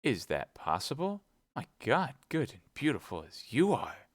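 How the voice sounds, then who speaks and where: A man reading aloud voicing a young swaggering swordsman in a gallant, emphatic tone with his pitch raised. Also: moderate pace, a bit bright, clear, resonant tone, dry recording, clean studio sound, lightly acted. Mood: ardent. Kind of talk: audiobook reading live.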